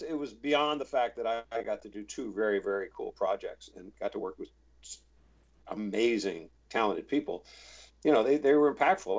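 A middle-aged man, an actor, telling rambling anecdotes in a relaxed interview and acting out the voices of people he quotes. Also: medium pitch, vocal fry, slightly rough. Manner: chatty, many restarts, acts out quoted voices. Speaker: actor guest. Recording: slightly dull, muffled audio.

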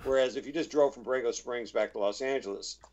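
A middle-aged man, an actor, telling rambling anecdotes in a relaxed interview and acting out the voices of people he quotes. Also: mid-range voice, fast talker. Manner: chatty, many restarts, acts out quoted voices. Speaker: actor guest. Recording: slightly dull, muffled audio.

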